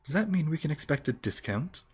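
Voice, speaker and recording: A man's voice: on the high side, big pitch swings, fairly quick, slightly rough. A man streaming a video game, joking around and reading the dialogue aloud. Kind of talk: casual gameplay commentary.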